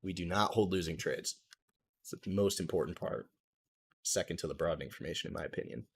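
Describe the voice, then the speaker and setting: A young man hosting a live trading stream, talking casually through charts in a relaxed, jargon-heavy, think-aloud way. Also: low-pitched, a little fast, vocal fry, a little hiss or hum. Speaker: trading livestream host. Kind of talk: casual live market commentary.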